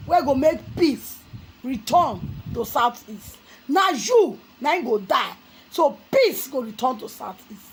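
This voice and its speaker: A Nigerian woman vlogger giving impassioned political commentary, scolding her targets and often breaking into shouts. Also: very high-pitched, slight background noise, rough recording.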